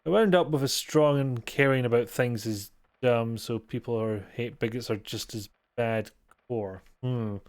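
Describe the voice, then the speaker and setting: A man's voice: mid-range voice, a little slow. A man with a thick Glaswegian Scottish accent, chatting wryly with viewers while streaming a game. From Scotland. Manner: wry, swears, chats to chat while playing. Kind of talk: casual live-stream chat with viewers.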